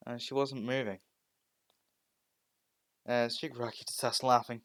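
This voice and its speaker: A man's voice: medium pitch, flat delivery, normal speed, long pauses, a bit bright, dry recording. A man narrating an improvised fan story in a rambling way, with frequent restarts and "well"s.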